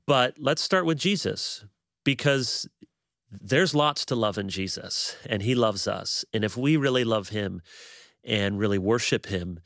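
A man speaking as a guest teacher on marriage, measured and quoting scripture in casual conversation. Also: on the low side, expressive, vocal fry, a bit bright, no room sound, clean studio sound.

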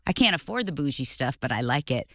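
A woman's voice: extremely low pitch, sing-song, fast, sharp tone, dry recording, clean studio sound. A woman hosting a casual chat, asking questions and reacting to her guest. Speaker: host.

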